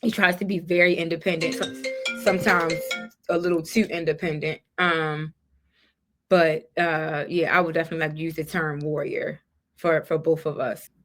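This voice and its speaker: A woman with a somewhat low-pitched voice talks as a podcast guest, sharing her own story. She is candid and heartfelt, reflecting openly as she goes. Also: little pitch movement, normal speed, a bit bright, soft background music. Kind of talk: personal storytelling in a conversation.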